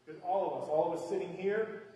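Man preaching a casual, rambling sermon to a congregation; fairly high voice, heard from a distance. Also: quick pace, mellow. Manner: conversational, rambling, with many fillers and restarts. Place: church hall before a live congregation. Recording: echoey hall from far off.

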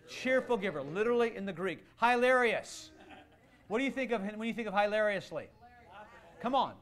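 A man preaching a sermon as a pastor, animated and playful, with bursts of loud excitement. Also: high-pitched, brisk. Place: church sanctuary.

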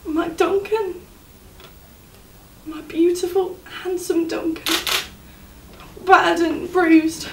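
An actress playing a grieving young fiancée in a stage monologue, speaking in an emotional, halting way. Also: female voice, very high-pitched, steady tone, gravelly, a little hiss or hum, exaggerated voice. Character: young woman, grieving fiancée, anxious and devoted. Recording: roomy, distant from the mic.

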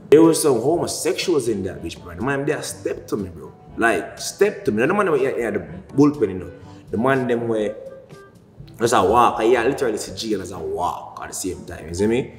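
A young Jamaican man telling a story in animated, slangy patois for his vlog. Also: mid-range voice. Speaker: vlogger. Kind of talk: casual storytelling. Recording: echoey room, faint music.

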